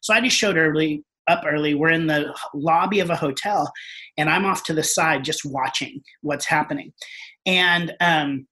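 A man telling a story in casual conversation, animated and acting out the quotes as he goes. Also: on the high side, moderate pace. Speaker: guest.

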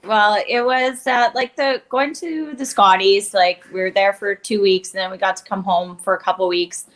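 A woman from Canada talks openly as an interview guest. Her voice sits at a middle pitch, and she speaks plainly and from the heart about difficult stretches of her life. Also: fairly even intonation, moderate pace, a bit bright. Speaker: guest, athlete. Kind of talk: candid interview conversation.

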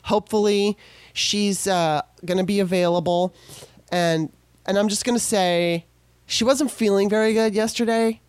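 A woman's voice: medium pitch, fairly even intonation, normal speed, darkish tone, clean tone, no room sound. A middle-aged woman hosting a podcast, talking in a loose, emotional monologue with many restarts. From California. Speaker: podcast host. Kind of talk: casual monologue.

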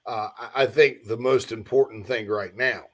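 A man hosting a casual live-stream sports talk show, rambling and animated while reading viewer comments, yawning and distracted. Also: mid-range voice, normal speed.

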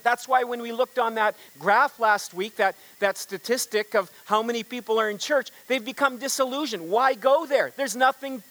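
A man's voice: very high voice, moderate pace, few pauses, bright, forceful tone, rough recording. A man preaching a sermon as pastor, telling a story and drawing the congregation into call-and-response, with frequent restarts and repeated words.

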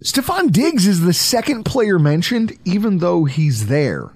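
A man hosting a casual sports podcast, joking and talking in quick asides. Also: sits high, big pitch swings, darkish tone. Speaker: podcast host.

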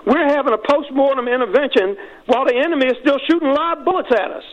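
Heated male radio caller, very high voice, muffled lo-fi phone line, rushed and repetitive. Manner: rushed, fired-up, repetitive restarts. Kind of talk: phoned-in call to talk radio.

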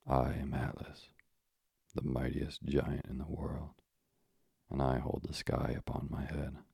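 A man voicing Atlas, a colossal, weary giant who holds up the sky, in hushed, half-whispered lines. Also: a bass voice, flat delivery, a little slow, creaky, breathy edge, no room sound, clean studio sound, full character voice. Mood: proud.

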